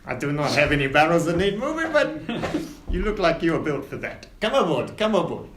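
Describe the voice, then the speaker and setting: A man's voice: fairly high pitch, big pitch swings, brisk. A man voicing a small, lithe ship captain who brags about his swordsmanship and speaks formally. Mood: amused. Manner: formal, stiff, boastful. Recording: echoey room, faint hiss.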